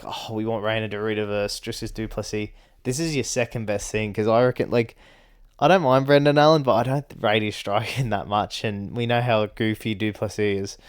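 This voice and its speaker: A man's voice: medium pitch, smooth. A man hosting his own vlog, rambling through casual chat about fights, swearing often and laughing between points. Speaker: MMA commentary vlogger.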